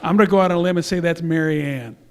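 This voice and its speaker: A man's voice: on the high side, very fast, a faint crowd, a little hiss or hum. A man speaking casually to a church congregation, presenting youth awards in a rambling way with fillers and self-corrections.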